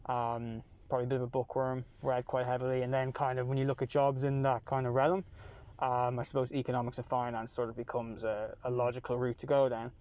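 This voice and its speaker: A man's voice: medium pitch, brisk. Irish man explaining casually in a taxi. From Ireland. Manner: relaxed, explanatory, many fillers and restarts. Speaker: taxi passenger guest. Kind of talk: casual interview chat. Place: inside a taxi.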